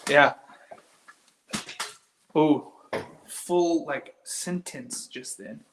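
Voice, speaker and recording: Man, paranormal investigator, rambling, excited, hushed at times, slightly high voice. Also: extremely slow, a little hiss or hum. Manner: excitable, rambling with many "like" fillers, drops to hushed whispers. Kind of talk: live on-location ghost hunt. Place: walking through an old building indoors.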